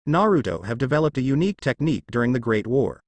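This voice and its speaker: A man's voice: mid-range voice, big pitch swings, fast, no echo. A man narrating fan fiction aloud in a plain reading manner.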